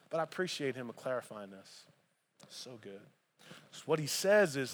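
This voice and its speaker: A man preaching a sermon as pastor, animated and conversational, with frequent asides to the congregation. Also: mid-range voice, a little slow, pauses often, long reverb tail. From United States.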